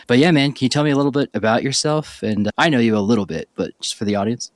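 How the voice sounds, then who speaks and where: A man hosting a podcast interview, talking in a relaxed, rambling way with lots of fillers. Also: mid-range voice, quick pace, rough recording. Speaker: podcast host.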